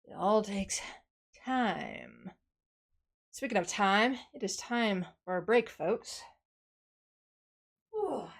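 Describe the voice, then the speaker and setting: Very slowly, with long pauses and lively intonation, a mid-range female voice carries this casual live-stream chat. The streamer is tired and breathless after a workout, rambling, sighing often and making fun of herself.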